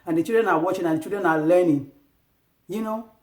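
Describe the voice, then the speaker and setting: A woman's voice: on the low side, fast talker. A woman giving earnest, faith-based marriage advice to wives, exhorting them and acting out little home scenes. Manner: earnest and exhortative, acts out scenes with sharp raised outbursts. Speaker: Christian marriage advice vlogger. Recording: echoey room.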